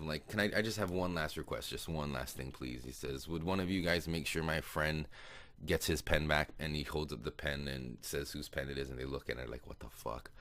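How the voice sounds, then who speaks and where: A man's voice: very deep voice, a bit bright. A man casually recapping a movie plot, rambling and swearing, with many fillers and restarts. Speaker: podcast host.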